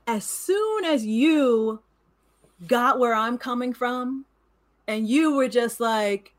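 A woman's voice: a little high, takes it slowly. A woman co-hosting a podcast who talks frankly and with emphasis about friendship and honesty, in a casual chat. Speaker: podcast co-host.

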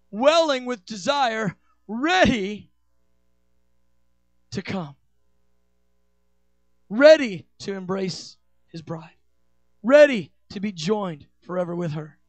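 Male preacher, very high voice, fervent sermon delivery, dry close sound. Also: lively intonation, slow pace, long pauses, dry recording. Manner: impassioned, acts out quoted dialogue with big swings in pitch and loudness.

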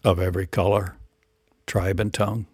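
A man's voice: deep voice, little pitch movement, moderate pace, a little mellow, husky, dry recording, studio quality. A man delivering a rambling spiritual monologue in incantatory, repetitive declarations and rhetorical questions.

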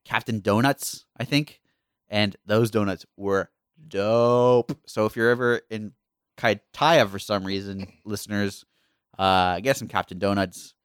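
Teasing, rambling host recounting a trip, slightly low voice, dry close sound. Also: male voice, fairly even intonation, measured pace, clear, resonant tone, no room sound. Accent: not New Zealand. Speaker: podcast host. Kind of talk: casual chat.

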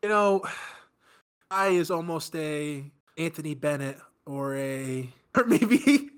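A man with a fairly high voice trading banter on a podcast. He is teasing and easygoing and laughs through his points. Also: animated, slow pace, smooth. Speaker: podcast co-host. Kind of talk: casual podcast chat.

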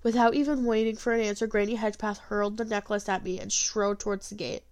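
A woman's voice: medium pitch, fairly even intonation, quick pace, a little mellow. A woman narrating a storybook in an earnest first-person telling. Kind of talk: storybook reading.

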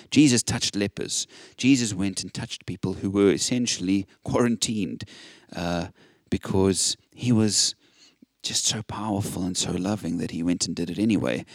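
A man's voice: lowish voice, gravelly, no room sound. A man preaching a sermon, earnest and encouraging, quoting scripture with emphasis.

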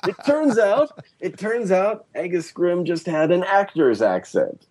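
A man as guest journalist on a podcast, telling stories in a lively, rambling way with many fillers. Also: high-pitched, measured pace. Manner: animated storytelling, lots of fillers. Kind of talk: casual podcast interview.

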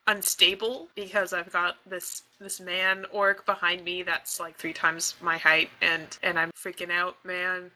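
A woman taking part as a player in a tabletop role-playing game, talking in a giggly, animated way. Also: lowish voice, measured pace, few pauses, low-quality recording. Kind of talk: casual game talk.

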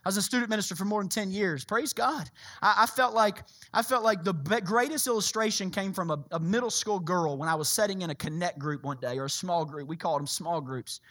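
Male pastor, high bright voice, fervent sermon delivery with loud and soft swings. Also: a little fast. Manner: impassioned preaching, swinging from loud to hushed.

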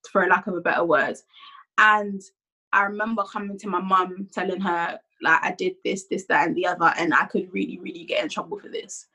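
A woman's voice: medium pitch, bright, forceful tone, rough recording. A young woman giving a candid, conversational faith testimony, often saying "like".

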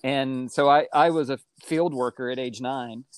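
A middle-aged man telling his life story in casual conversation, animated and acting out the voices he quotes. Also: moderate pace, dry recording. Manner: animated, acts out quoted voices with big pitch jumps.

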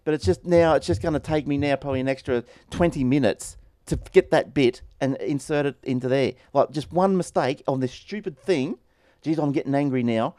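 A man's voice: a little high, brisk, hardly any pauses, dark tone, no echo, clean studio sound. A man, hosting a podcast, chatting casually and venting in a rambling, exasperated way. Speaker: podcast host. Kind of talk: casual chat.

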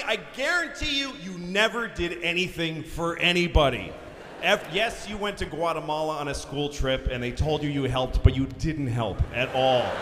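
A man in his forties from Boston performs stand-up, ranting with profanity and dropping deadpan asides in a fairly high voice. His mic picks up the long reverb of a big concert hall and faint room ambience. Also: a little hiss or hum. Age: 40s. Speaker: stand-up comedian. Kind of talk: live stand-up comedy. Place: large concert hall stage.

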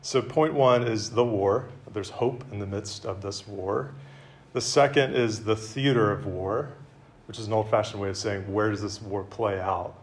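A man giving a conversational sermon to a campus group, with self-deprecating humor and a relaxed, chatty delivery. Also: on the low side, measured pace. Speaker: campus ministry speaker. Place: meeting room with an audience.

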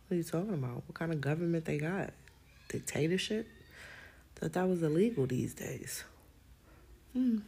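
A woman's voice: deep voice, darkish tone, breathy edge. A young woman, hosting a podcast and talking casually and animatedly to her listeners, full of slang and laughter. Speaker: podcast host.

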